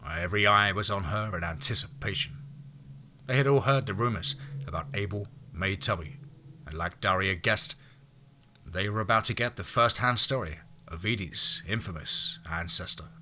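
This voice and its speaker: A man reading a story aloud as an audiobook narrator, in a measured, even way. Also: fairly low pitch, slight background noise.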